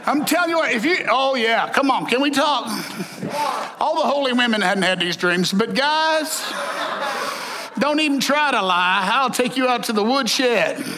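A male preacher giving a folksy, animated sermon and joking with the congregation. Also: very high-pitched, unhurried, background noise. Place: church sanctuary. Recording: echoey hall.

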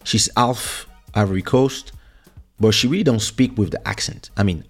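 Low-voiced man telling a story. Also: moderate pace, faint music behind. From France. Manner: reminiscing, frequent word repeats and restarts. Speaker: podcast host and musician. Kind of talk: casual storytelling.

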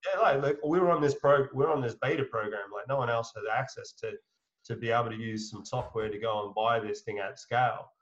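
A man's voice: medium pitch, a little fast, fairly bright tone. A man telling a long anecdote as an interview guest, rambling with many fillers and restarts and swearing casually. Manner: chuckles while telling a story. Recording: slightly muffled audio.

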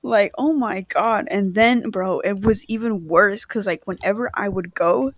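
A young woman telling a profane, animated story to her friends in casual chat, often acting out other people's lines. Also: mid-range voice, a little slow, no echo, studio quality.

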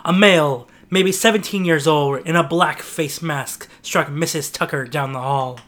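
Bright-voiced man reading a story aloud. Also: a little high, a little slow. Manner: rambling, self-mocking. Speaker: podcast co-host and reader. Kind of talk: casual chat and amateur story reading.

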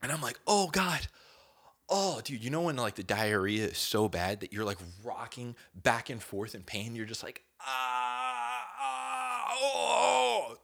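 A man in his thirties telling a comic story in a casual, animated way, acting out groans and quoted lines and saying "dude" a lot. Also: on the low side, moderate pace, few pauses.

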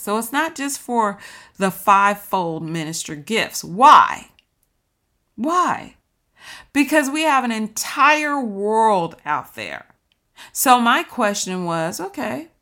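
A woman leads a Bible study for her viewers, her talk casual and earnest. Her voice sits at an everyday middle pitch. She speaks to them directly, as if across a table. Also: sharp tone. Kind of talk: casual teaching monologue.

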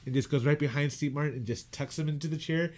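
A man casually chatting as a podcast co-host, retelling movie scenes in a loose, animated way, with lots of "like" fillers. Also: a little high, quick pace. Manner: animated retelling, acts out quoted lines. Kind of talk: casual chat.

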